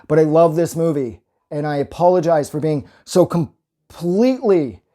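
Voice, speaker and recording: A man giving a casual, rambling film review. He gets excited, swears freely and goes off on tangents. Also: on the high side.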